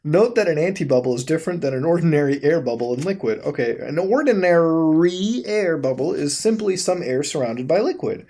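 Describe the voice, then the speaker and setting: A young man hosting a video, giving casual commentary as he browses websites, swearing, laughing and reacting in disbelief, swinging between mumbles and sudden loud outbursts. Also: fairly high pitch, animated, fairly quick, hardly any pauses. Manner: profane, incredulous, laughs often. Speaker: YouTube host.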